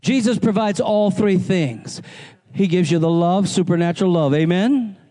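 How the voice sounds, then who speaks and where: A man preaching a sermon in a church service. He calls out to the congregation, mixes in jokey asides and builds up to shouting. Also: sits high, normal speed. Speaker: pastor.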